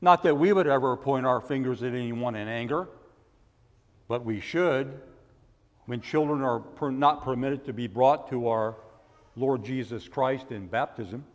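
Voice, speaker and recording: A man preaching a sermon, asking rhetorical questions and building to forceful emphasis. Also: medium pitch, a little slow, in a large hall. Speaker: pastor.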